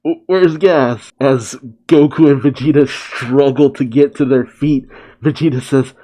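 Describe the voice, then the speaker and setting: A man recapping and reacting to a manga chapter in casual chat, excitable and laughing, acting out the characters' lines. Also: mid-range voice, measured pace.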